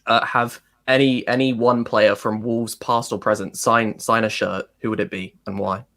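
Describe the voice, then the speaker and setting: A man's voice: lowish voice, level tone, normal speed, fairly bright tone. A man joining a fan live stream as a guest, cheeky and joking, with an accent that sounds all over the place. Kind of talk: casual live-stream chat.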